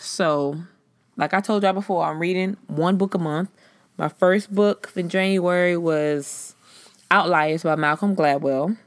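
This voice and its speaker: A woman's voice: on the low side, no room sound. Profane ranting podcast woman. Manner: blunt, profane, animated ranting. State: tipsy, slightly slurring. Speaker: podcast host. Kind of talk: casual podcast chat.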